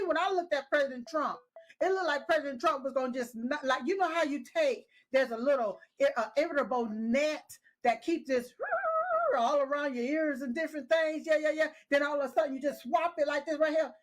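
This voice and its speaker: Emphatic high-voiced woman commentator. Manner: emphatic, repeats herself with "yes, yes" and "uh-huh"; scolding, talks straight at the people she criticizes. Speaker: political commentator. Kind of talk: casual opinionated commentary.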